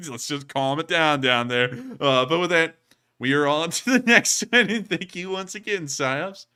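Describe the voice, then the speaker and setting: A man's voice: fairly high pitch, moderate pace, sharp tone, smooth. A man hosting a casual livestream, answering viewer comments in a rambling way with lots of fillers and chuckles. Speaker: livestream host.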